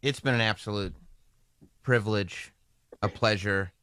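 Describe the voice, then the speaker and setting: Bright-voiced male radio host. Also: lowish voice, measured pace, clear, resonant tone. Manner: announcer-like wrap-up. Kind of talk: show sign-off.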